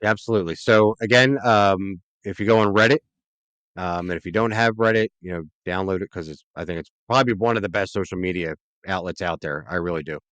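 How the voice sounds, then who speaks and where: A man's voice: low voice, a little fast, fairly bright tone, clean tone, no echo. A man, a podcast guest, talking earnestly and at length in a casual interview, often checking in with "right?".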